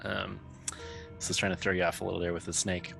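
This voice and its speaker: A man's voice: deep voice, little pitch movement, fast, creaky, fairly bright tone, faint music behind. A man co-hosting a casual podcast, reading trivia questions aloud and joking with his co-host. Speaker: podcast co-host, quiz master.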